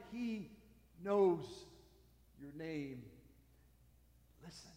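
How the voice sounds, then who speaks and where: A man preaching an Easter sermon as pastor, slow and emphatic, often trailing off softly at the ends of phrases. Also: sits high, big pitch swings. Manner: slow, emphatic preaching with soft dropped endings. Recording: long hall reverb.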